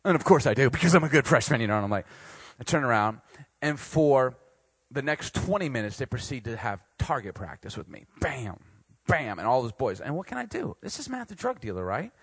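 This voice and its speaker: A man's voice: mid-range voice, fairly quick, breathy edge, dry recording. A man preaching a sermon, telling a funny, self-deprecating story about himself and laughing along. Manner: animated, self-deprecating, laughs at his own jokes.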